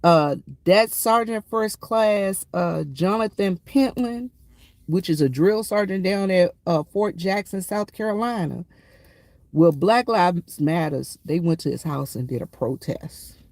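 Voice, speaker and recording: A woman's voice: lowish voice, measured pace, a little mellow, dry recording. A woman veteran speaking to her viewers in a casual, emphatic storytelling monologue, often calling them y'all. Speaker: military veteran vlogger.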